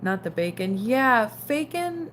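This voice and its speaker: A woman's voice: fairly low pitch, a little slow, slight background noise. A young woman casually chatting on a late-night livestream, reading out viewer comments and sounding tired. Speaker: livestream host.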